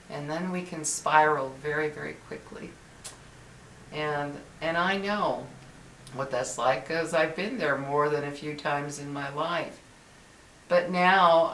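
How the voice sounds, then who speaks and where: Here the same kind of vlogger, an older woman with a low, fairly bright voice, rambles earnestly through a casual motivational talk, often starting sentences over. She's at home in her living room, recorded on the camera's built-in mic, so the sound is distant and roomy with a faint hiss.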